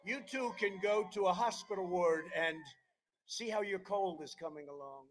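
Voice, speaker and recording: Older male politician at a rally, high-ish voice, wandering off-script with sneering jabs, faint crowd murmur behind. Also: normal speed, slight background noise, poor audio. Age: 70s. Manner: rambling, digressive, with mocking asides. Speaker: politician addressing a campaign rally. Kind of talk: campaign rally speech.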